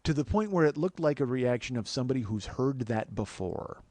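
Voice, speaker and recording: A comedian in his forties tells a story straight into a close mic, and the room sounds dry. He swears freely and jumps from loud, exasperated bursts back to quieter asides. His voice sits at an ordinary middle pitch for a man. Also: brisk, dry recording. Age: 40s. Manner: animated, heavy swearing, jumps between loud outbursts and low asides. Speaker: comedian and podcast host. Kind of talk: storytelling monologue.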